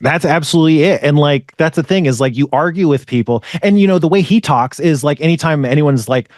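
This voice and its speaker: A man's voice: a little high, brisk, hardly any pauses, darkish tone, no echo, clean studio sound. Sarcastic rambling man on a podcast. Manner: rambling, sarcastic, swears freely. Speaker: podcast host. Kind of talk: casual podcast chat.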